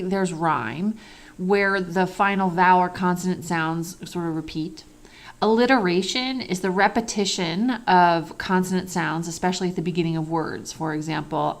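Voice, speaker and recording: A woman teaching a lecture in an easy, conversational way. She stresses key points, asks the class rhetorical questions, and keeps checking in with "okay" and "all right". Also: lowish voice.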